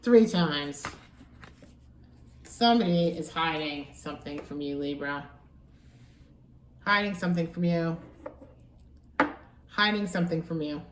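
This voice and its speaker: A woman giving a casual tarot reading, musing aloud and repeating phrases with animated excitement. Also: low-pitched, normal speed, pauses often, far from the mic, noisy background. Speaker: tarot reader. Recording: echoey room, voice from off-mic.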